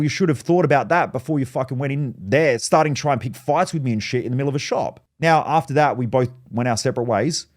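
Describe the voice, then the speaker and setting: A man, a business coach, telling a story in a blunt, animated way with a lot of swearing. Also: fairly high pitch. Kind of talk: casual monologue, storytelling.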